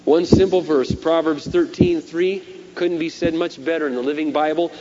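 A middle-aged man preaching a sermon, animated, swinging between loud emphasis and quiet asides. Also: a little high, a little fast. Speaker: pastor. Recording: dull lo-fi sermon tape with faint hum.

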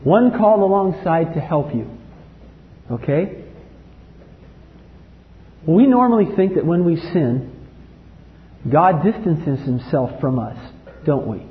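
Man, sermon, high voice, emphatic, long hall reverb, dull lo-fi sound. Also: expressive, slow, long pauses. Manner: emphatic, rises to loud acted outbursts then drops low. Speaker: pastor.

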